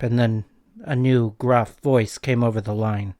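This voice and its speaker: A man's voice: medium pitch, fairly even intonation, measured pace, darkish tone. A man reading a scary young-adult novel aloud as narrator. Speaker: reader. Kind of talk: audiobook narration.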